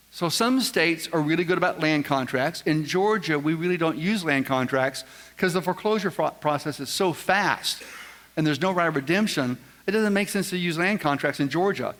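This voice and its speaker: A man's voice: a little high, lively intonation, normal speed, fairly bright tone. Folksy man quizzing a seminar crowd. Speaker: seminar speaker. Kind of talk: live seminar talk to an audience. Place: large event room with audience. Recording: long hall reverb.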